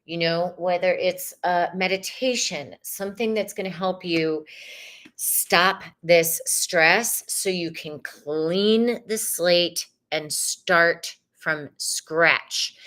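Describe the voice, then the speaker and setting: A woman's voice: fairly low pitch, a bit bright. A woman hosting a live-stream tarot reading, talking casually and swearing freely as she reads viewers' questions aloud. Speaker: tarot reader.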